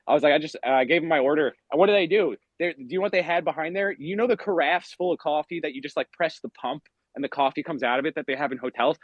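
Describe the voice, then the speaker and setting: A man's voice: on the high side, quick pace, hardly any pauses, no room sound. Profane man ranting on a lo-fi call. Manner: profane, rants loudly and gets worked up. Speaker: podcast host. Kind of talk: casual chat over a call. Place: outside, pacing. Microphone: phone call at the edge of wifi range. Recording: dull lo-fi call audio.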